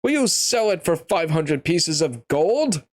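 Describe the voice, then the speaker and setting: A man doing a loud, excitable storybook king. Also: on the high side, measured pace. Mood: excited. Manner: exclamatory, stern then gleeful. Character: excitable, greedy medieval king.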